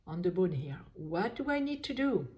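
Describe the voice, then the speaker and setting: Slow-speaking woman guiding a tapping session. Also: lowish voice, big pitch swings, a little mellow. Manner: slow, repetitive phrases voicing frustration while tapping points. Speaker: EFT tapping coach.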